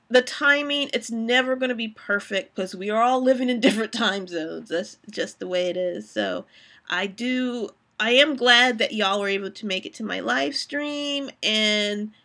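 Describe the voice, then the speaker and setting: A woman in her forties chats through her own live stream in a loose, candid ramble, often restarting her sentences. Her voice sits a little high and has a strong, bright edge. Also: gravelly. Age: 40s.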